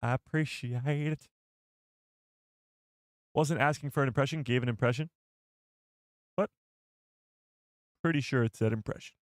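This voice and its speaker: A young man chats his way through a live stream, reading out viewer comments and laughing at his own slips. His voice sits at an ordinary middle pitch, and the sound is dry and close to the mic. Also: moderate pace, long pauses, dry recording. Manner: chatty, reads viewer comments aloud, laughs at himself. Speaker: livestream host. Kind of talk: casual live chat.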